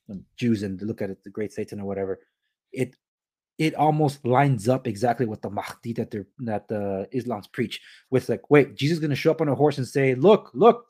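A man hosting a podcast interview, talking in a halting way with many restarts. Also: medium pitch, breathy edge. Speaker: podcast host. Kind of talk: casual interview chat.

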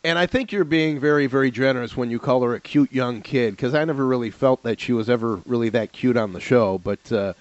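A man's voice: mid-range voice, a little fast, few pauses, dry recording, highs cut off. A man co-hosting a podcast, telling stories in a casual chat with lots of laughs and repeated words. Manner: animated storyteller, laughs often, repeats words. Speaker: podcast co-host. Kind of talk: casual chat about old TV shows.

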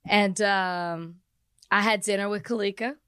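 A woman co-hosting a podcast in casual chat, teasing and quick to call her co-host out. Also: medium pitch, fairly even intonation, a bit bright, clear, resonant tone, no room sound, studio quality.

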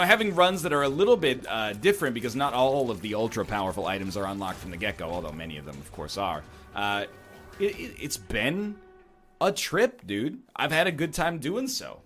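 With a medium-pitched, fairly bright voice, a man riffs on the video game he's playing, his commentary meandering and full of wry jokes.

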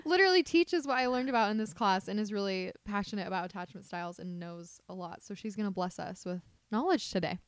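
A woman's voice: medium pitch, fast, hardly any pauses, dry recording. A woman co-hosting a podcast in casual chat, talking freely and often saying "like". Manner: chatty, uses "like" a lot. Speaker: podcast co-host.

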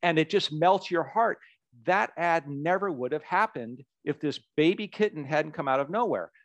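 A man's voice: on the high side, normal speed, no room sound, dull audio. Man telling a campaign story, dry sound. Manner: animated storyteller who repeats words as he goes. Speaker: political ad maker, guest. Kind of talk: anecdotal storytelling in an interview.

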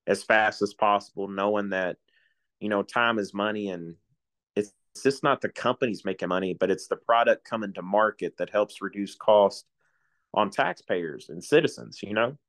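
A man in his forties settles into a relaxed chat, telling folksy stories with frequent chuckles. His voice sits fairly low. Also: moderate pace. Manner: folksy storyteller, chuckles often. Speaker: guest, retiring coast guard officer. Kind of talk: casual chat.

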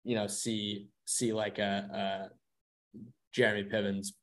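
A man's voice: on the low side, level tone, slow, a bit bright. A young man co-hosting a podcast, chatting casually and rambling with many restarts. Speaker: podcast co-host. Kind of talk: casual chat.

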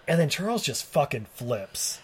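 Brief: podcast co-host with a mid-pitched voice, a loose profane movie recap full of laughs. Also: sing-song, moderate pace, breathy edge. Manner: profane, rambling, laughs often, mimics characters. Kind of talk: casual movie recap chat.

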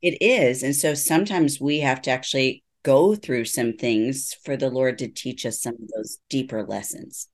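A woman's voice: a bass voice, normal speed, hardly any pauses. A middle-aged woman, a neuropsychologist, giving earnest personal testimony in an interview. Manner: earnest storytelling, acts out quoted voices. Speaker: neuropsychologist guest.

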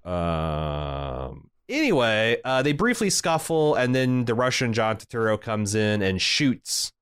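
A man's voice: on the low side, very animated, slow, a bit bright, clean tone, dry recording, clean studio sound. A man co-hosting a podcast, recapping a TV episode in a casual, sardonic and profane way. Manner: sardonic, profane, quotes the show in put-on voices. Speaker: podcast co-host.

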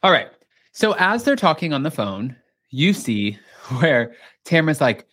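A man hosting a casual podcast recap, chatting quickly and acting out quotes in short bits of mimicry. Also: mid-range voice, big pitch swings, a bit bright. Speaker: podcast host.

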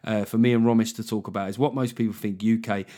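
A man's voice: on the low side, fairly even intonation, fast, warm tone. A middle-aged man hosting a solo comedy podcast, rambling wryly and swearing as he goes. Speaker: podcast host.

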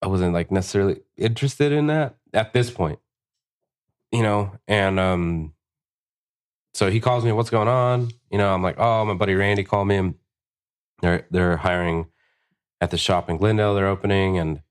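A man's voice: normal speed, pauses often, clean tone. A man in his thirties, a tattoo artist, telling casual, profane stories and acting out quotes in a raised voice. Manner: profane, animated, acts out quotes in higher voices. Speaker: tattoo artist, podcast guest. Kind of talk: casual storytelling chat.

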